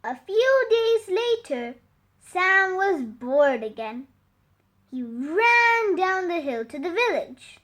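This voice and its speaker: A woman reading a fable aloud for children in a slow, expressive, sing-song way. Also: extremely high pitch. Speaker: storyteller.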